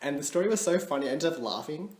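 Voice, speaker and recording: Give me a young man telling an animated story on a podcast, recorded in an echoey room. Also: a little high, racing. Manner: animated, laughs often, acts out quoted dialogue. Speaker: podcast co-host. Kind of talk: casual storytelling. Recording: echoey room with faint noise.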